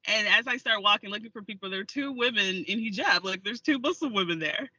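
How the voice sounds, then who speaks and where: A woman's voice: mid-range voice, fast, bright, forceful tone, dry recording, lo-fi sound. An American woman, an actor and filmmaker, telling stories as an interview guest and laughing often. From United States. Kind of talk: casual interview storytelling.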